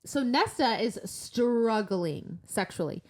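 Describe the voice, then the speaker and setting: A woman's voice: a little high, expressive, slow, a little mellow. A woman co-hosting a podcast, chatting frankly about a novel and laughing often. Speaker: podcast co-host. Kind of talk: casual book discussion.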